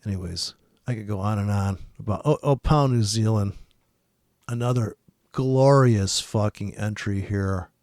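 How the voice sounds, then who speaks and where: Gravelly, foul-mouthed trader ranting. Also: male voice, on the low side, unhurried, darkish tone, no echo, clean studio sound. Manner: irreverent, swears a lot, laughs at own jokes. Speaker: forex trader giving weekly forecast. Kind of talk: rambling profane market commentary.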